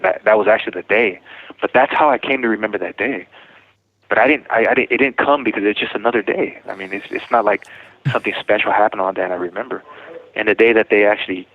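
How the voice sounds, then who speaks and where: A man's voice: fairly low pitch, no echo. A middle-aged man telling his own story in casual speech. He rambles, corrects himself and acts out what others said. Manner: rambling, self-correcting, retells dialogue. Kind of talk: personal account in casual talk. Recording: tinny phone line.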